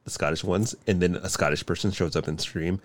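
A man's voice: sits low, fairly even intonation, a little fast. A man co-hosting a casual chat, jokey and playful, sometimes trailing off as he reacts to a trailer. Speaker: co-host.

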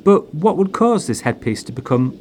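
A man voicing a timid young woman who speaks softly and hesitantly. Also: on the high side, big pitch swings, moderate pace, slight background noise, voice pushed up. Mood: anxious.

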